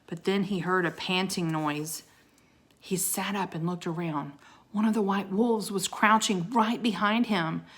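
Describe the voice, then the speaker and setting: A woman reading a children's storybook aloud to a child, expressive with small stumbles. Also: on the low side, a little slow, breathy edge. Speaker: reader of a children's book.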